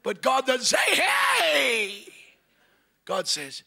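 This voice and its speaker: Bright-voiced preacher swinging from shouts to whispers. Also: male voice, high voice. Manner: swings between loud shouts and hushed whispers; repeats himself in quick restarts. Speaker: pastor. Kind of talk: sermon. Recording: live from a church.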